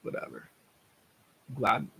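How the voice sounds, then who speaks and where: A man's voice: unhurried, bright, forceful tone. A young man hosting a casual livestream, rambling through tangents about sports bets and swearing freely. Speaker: livestream host.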